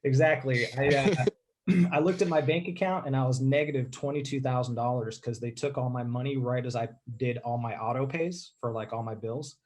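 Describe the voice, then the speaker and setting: A man telling a personal story in a casual interview, candid and rambling, often clearing his throat and saying "dude". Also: medium pitch, fairly quick.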